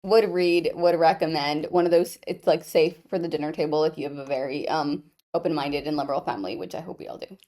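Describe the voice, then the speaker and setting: Rambling young woman with a lowish voice. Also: steady tone, fast, hardly any pauses, dark tone. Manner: filler-heavy, rambling, teasing. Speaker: podcast co-host. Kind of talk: casual book club chat.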